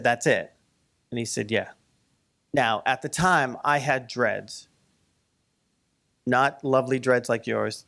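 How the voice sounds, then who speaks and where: A man with a middle-pitched, gravelly voice tells a story to a live audience. He speaks casually and animatedly, full of fillers, and leans into heated emphasis on his points. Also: a bit bright. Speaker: cartoonist telling a story to an audience. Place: event hall.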